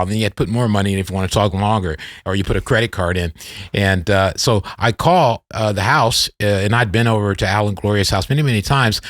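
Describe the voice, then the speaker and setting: Male podcast host in his fifties, low-pitched, dry close sound, loose anecdotal delivery. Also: dry recording. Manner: rambling, animated storyteller with many restarts. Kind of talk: casual storytelling interview.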